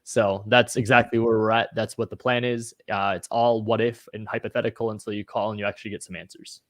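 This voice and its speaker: A man's voice: on the low side, brisk. A man in his twenties talking casually and energetically as a co-host, coaching listeners. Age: 20s. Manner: energetic, motivational. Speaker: co-host, real estate agent.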